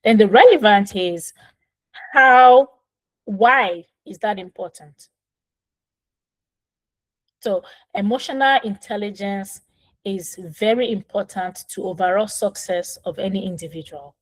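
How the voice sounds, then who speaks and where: A woman's voice: mid-range voice, unhurried, long pauses, no room sound, poor audio. Woman, parenting coach, casual instructive talk, patient and step-by-step, phone mic in a dead-dry room. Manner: patient, step-by-step explaining with frequent "right?".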